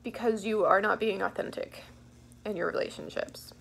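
A woman's voice: medium pitch, steady tone, normal speed, gravelly, a little hiss or hum. A young woman giving a casual tarot card reading, laid-back and giggly, thinking aloud with many fillers. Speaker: tarot reader.

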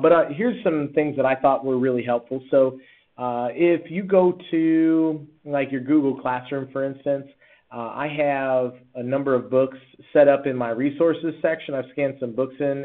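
A man walks through a software tool in a relaxed, chatty teaching voice, full of "uh"s and false starts. His pitch sits in the middle range. The audio is tinny and narrow, like it came over a phone line. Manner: casual, chatty, with frequent fillers and restarts. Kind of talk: screen-recorded software tutorial.

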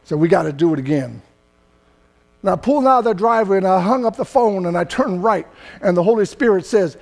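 Older california preacher guy, really high voice, chatty sermon that gets loud and shouty. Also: lively intonation, brisk, creaky. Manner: loose, conversational preaching that swells into emphatic shouting. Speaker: pastor.

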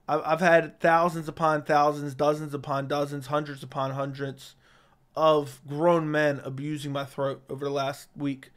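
A man chatting on a livestream in a blunt, outspoken way, his voice strained and worn from too much talking. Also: a little high. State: strained, tiring voice. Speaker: MMA commentary streamer. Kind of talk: casual livestream chat.

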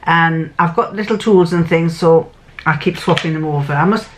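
A woman's voice: sits low, moderate pace, slight background noise. An older woman, chatting casually to camera as a sewing vlogger. She rambles and often restarts or corrects herself mid-sentence.

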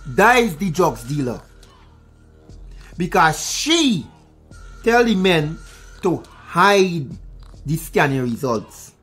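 A man's voice: high-pitched, fairly bright tone, slightly rough. A man with a Guyanese accent giving a fiery, profane news commentary, repeating his points and speaking straight to viewers. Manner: fiery, repetitive, profane, addresses viewers directly. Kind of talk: heated news commentary rant.

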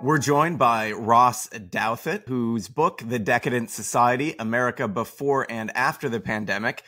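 A man's voice: medium pitch, moderate pace, pushed and bright, soft background music. A man hosting a podcast interview, chatting casually and joking with his guest. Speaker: podcast host.

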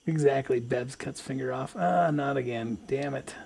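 A man's voice: mid-range voice, moderate pace, vocal fry, a little mellow, breathy edge. A man streaming a fishing game, chatting casually, joking and swearing freely. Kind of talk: casual live-stream chat.

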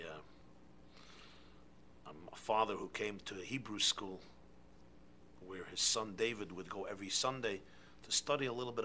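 A male rabbi giving a sermon with stories, animated, swinging from near-whispers to loud exclamations. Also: on the low side, a little hiss or hum. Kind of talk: sermon with storytelling.

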